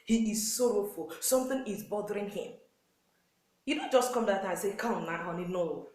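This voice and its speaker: Expressive and mellow at medium pitch, a Nigerian-accented pastor's wife speaks at a moderate pace, giving wives earnest sermon-like marriage advice. She repeats key points and acts out quotes; the audio is poor in an echoey room.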